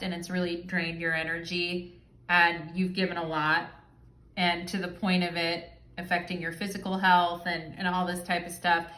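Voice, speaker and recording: A woman's voice: fairly low pitch, sharp tone. A woman doing a casual tarot reading, chatty and informal, checking in with "okay?" and swearing now and then. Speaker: tarot reader. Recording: roomy echo.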